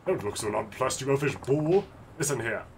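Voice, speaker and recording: A man's voice: medium pitch, expressive, brisk, vocal fry, a little hiss or hum. A man voicing a pompous self-styled nobleman of thirty-five, who scorns others in grand, old-fashioned wording. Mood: haughty.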